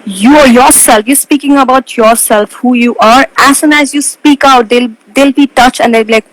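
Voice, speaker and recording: A woman in her twenties, a pageant titleholder, giving earnest tips over a live video call. She leans on key words and slows down to make a point. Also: high voice, low-quality recording. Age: 20s.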